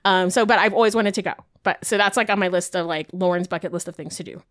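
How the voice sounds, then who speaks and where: A woman's voice: lowish voice, fast, a bit bright, dry recording, clean studio sound. A woman podcast co-host, talking casually with lots of "like" fillers. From Puerto Rican heritage. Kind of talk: casual chat.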